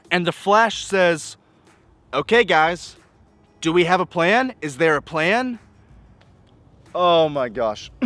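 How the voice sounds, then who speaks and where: Man, casual film review vlog; fairly high voice, dry close sound; nitpicky, exasperated, asks question after question. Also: fairly bright tone, dry recording. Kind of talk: casual spoken movie review.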